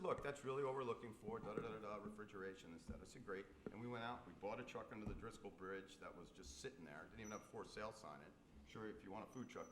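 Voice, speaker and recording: Fast-talking gruff man. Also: lowish voice, noisy background. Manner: animated, joking storyteller acting out dialogue. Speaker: food truck entrepreneur panelist. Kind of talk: storytelling panel talk. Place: event room. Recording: echoey room, faint ambience.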